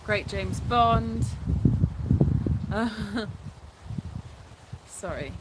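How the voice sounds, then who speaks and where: A woman's voice: medium pitch, lively intonation, very slow, heavy background noise. A woman with a Scottish accent co-hosting a casual live stream from an animal sanctuary, reading out viewer comments and answering them with frequent laughs. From Scotland.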